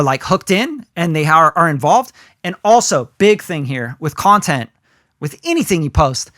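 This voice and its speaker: On a podcast he co-hosts, a man with a bright, forward, somewhat high voice keeps the talk loose and lively. He dramatizes small scenes and curses offhandedly, captured in close, dry audio with no room sound.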